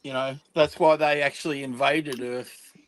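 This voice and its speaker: Guy rambling on about a show while building a kit, laughs a lot, mid pitch. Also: steady tone, moderate pace, poor audio. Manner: rambling explainer, laughs often. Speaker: guest on stream. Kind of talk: casual chat while building a model.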